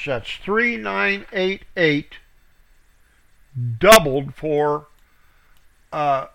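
A man teaching scripture verse by verse, reading each verse aloud with stress and then explaining it in a deliberate way with fillers. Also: fairly high pitch, animated, gravelly, a bit bright. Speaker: Bible teacher.

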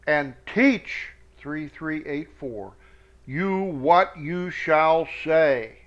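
Slow, deliberate man teaching scripture. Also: fairly high pitch, expressive, dull audio. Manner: reads verses slowly with emphasis, quick asides. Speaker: Bible teacher.

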